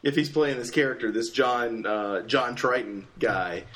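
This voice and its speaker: A man chatting casually on a podcast, halting and repeating words as he searches for what to say. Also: medium pitch, fairly bright tone. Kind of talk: casual chat.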